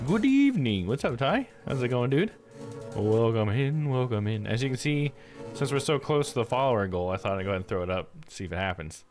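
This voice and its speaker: Lively swearing male streamer. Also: mid-range voice, moderate pace, soft background music. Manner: swears and laughs often, lively reactions. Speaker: live streamer. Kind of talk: casual live-stream chat.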